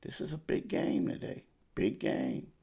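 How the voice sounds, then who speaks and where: A man's voice: medium pitch, measured pace, vocal fry, warm tone, husky. A man hosting a sports talk show, speaking casually and conversationally, often repeating himself for emphasis. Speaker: sports podcast host.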